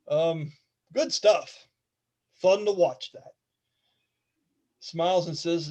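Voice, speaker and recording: A man's voice: on the high side, slow pace, long pauses, darkish tone. A man narrating a tabletop game as game master, casual and rambling, often laughing.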